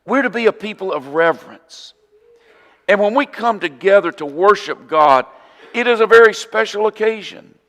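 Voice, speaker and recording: Southern guy preaching, kinda high voice, earnest, echo hangs in the church hall. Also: expressive, normal speed. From southern United States. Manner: earnest, emphatic preaching with sudden drops to a quiet voice. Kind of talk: sermon. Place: church auditorium.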